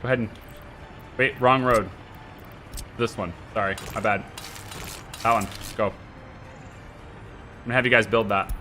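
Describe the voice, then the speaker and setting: A man streaming a city-building game live, chatting to himself and yelling frantically when things go wrong. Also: fairly low pitch, a little slow, long pauses, a little hiss or hum. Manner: excitable, swings from mumbling to frantic shouting. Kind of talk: live gameplay commentary.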